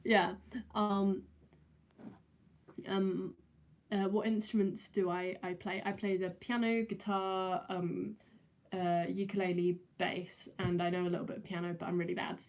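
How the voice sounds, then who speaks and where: A woman's voice: mid-range voice, flat delivery, measured pace, darkish tone. A nineteen-year-old woman, chatting casually on a livestream, with many fillers, restarts and a slight stutter. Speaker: streamer answering chat.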